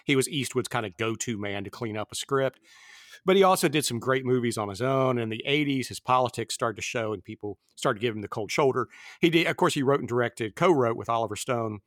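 A man's voice: medium pitch, animated, brisk, a bit bright, no echo, studio quality. A man in his fifties hosting a podcast, chatting casually about films in a rambling way. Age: 50s. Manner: rambling, with many fillers and restarts. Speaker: podcast host. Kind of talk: casual film discussion.

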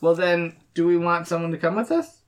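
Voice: medium pitch, fairly quick, smooth. A player in a casual tabletop game, speaking playfully. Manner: playful, animated.

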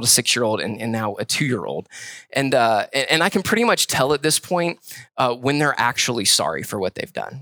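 A pastor in his thirties delivers a sermon in a casual, animated way, repeating words and restarting his sentences as he goes. His voice sits in an ordinary middle pitch for a man. The sound is dry and close, with no room echo. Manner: conversational, animated storytelling with quoted voices.

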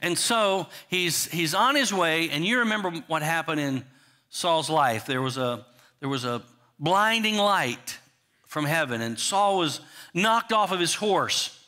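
With frequent restarts and "you know" asides, this pastor's sermon feels like a conversation, full of questions for the congregation. He speaks at a measured pace in a slightly high, expressive voice that's bright and forceful.

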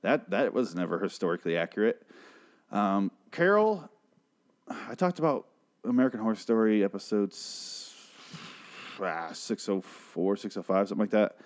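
A man casually recapping a TV episode, swearing freely and acting out characters' lines in quick put-on voices. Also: lowish voice, a little mellow.

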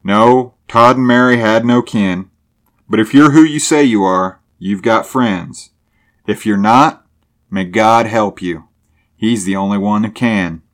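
A man voicing a stern, bearded old country elder who talks in a gruff, flat, rural way. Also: fairly low pitch, a little slow, close to an everyday voice.

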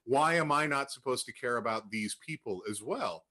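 A young man casually retelling a Bible story to a group, acting out the quotes with animated jumps in his voice. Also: normal speed. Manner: animated storytelling, acts out quotes with rising pitch. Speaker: Bible study leader.

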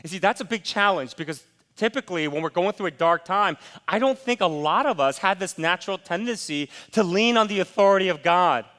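A man's voice: high-pitched, lively intonation, brisk, fairly bright tone, in a large hall. A male pastor preaching a sermon in a church, pressing his point with direct questions to the congregation. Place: church sanctuary.

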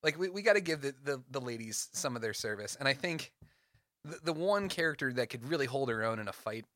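A young man co-hosting a casual podcast, animated and playful, building up dramatic fan crossover stories. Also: medium pitch, a little fast, no echo. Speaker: podcast co-host.

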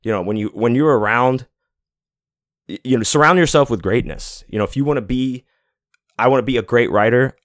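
A man's voice: medium pitch, fairly quick, pauses often, no echo, clean studio sound. A man in his forties hosting a podcast, talking in a rambling, casual monologue full of fillers, restarts and swearing. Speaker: podcast host.

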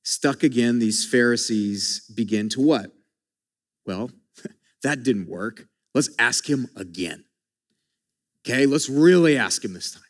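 A man's voice: mid-range voice, expressive, slow, pauses often. A man preaching a sermon as pastor, speaking conversationally and emphatically, with rhetorical questions and frequent restarts.

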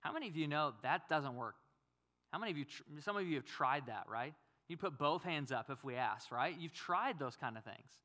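A man's voice: fairly high pitch, animated, fairly quick, pushed and bright. A male pastor giving a conversational sermon, acting out quotes and asking the audience questions.

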